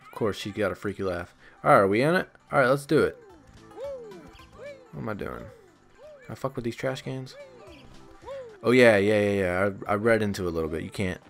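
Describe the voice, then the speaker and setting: A man's voice: fairly low pitch, lively intonation, a little fast, gravelly, pauses often, soft background music. A man giving casual, crude, joking let's-play commentary while playing a video game, teasing the characters and mocking his own skill. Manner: joking, crude and self-deprecating.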